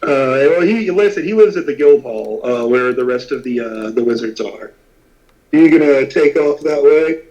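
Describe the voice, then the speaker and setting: A man narrating a tabletop game as game master, with frequent pauses and filler words. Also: mid-range voice, expressive, warm tone, lo-fi sound. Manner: halting, many filler words.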